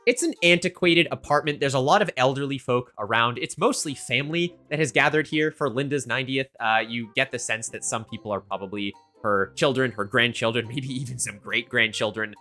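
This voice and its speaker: A woman running a tabletop game as game master, narrating in a relaxed way with frequent fillers. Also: extremely low pitch, brisk, few pauses, faint music behind.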